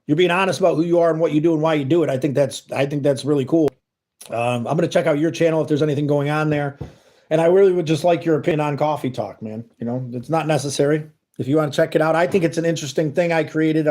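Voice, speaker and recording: Reading out and replying to messages from his chat, a livestream host talks earnestly and rambles in a relaxed stream. His tone is darkish, his pitch slightly high.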